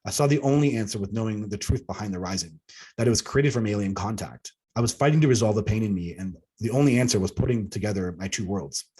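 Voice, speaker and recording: A man's voice: lowish voice, fast talker, mellow, slightly rough. A man reading aloud from his own book about alien contact, earnest, with casual asides to the audience. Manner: earnest, breaks into laughs at himself. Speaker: author.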